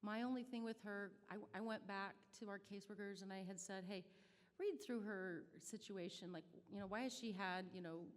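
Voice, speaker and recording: A woman's voice: medium pitch, moderate pace. Chatty Midwestern woman speaking in a hall. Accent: Midwestern American. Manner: chatty, self-deprecating, emotional storytelling. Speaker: nonprofit staff speaker. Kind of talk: storytelling speech at a charity brunch. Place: banquet hall. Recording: reverberant hall audio.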